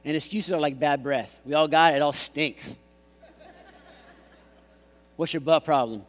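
A man preaching a sermon as pastor, animated and jokey, mimicking voices. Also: fairly high pitch, unhurried. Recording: long hall reverb.

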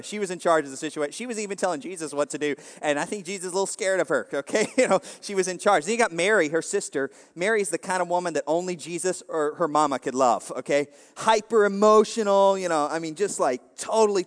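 A man's voice: high-pitched, big-room sound. A man preaching a casual, joking sermon, rambling with constant fillers and asides to the crowd. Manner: rambling, jokey, full of "you know" fillers.

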